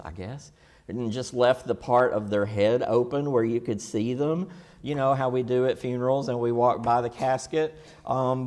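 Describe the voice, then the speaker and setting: A man teaches a Bible class in a church classroom. His manner is folksy and casual, and he keeps quizzing the students as he goes. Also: medium pitch.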